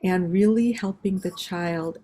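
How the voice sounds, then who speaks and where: A woman's voice: fairly low pitch, measured pace, dark tone. An older woman, a psychiatry researcher, giving reflective, explanatory answers as an interview guest. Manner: reflective, explanatory, acts out parents' words.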